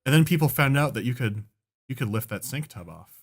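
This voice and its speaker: Young male podcast co-host; lively, profane storyteller who laughs a lot. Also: medium pitch, fairly quick. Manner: animated, profane, breaks into laughter. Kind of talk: casual storytelling chat.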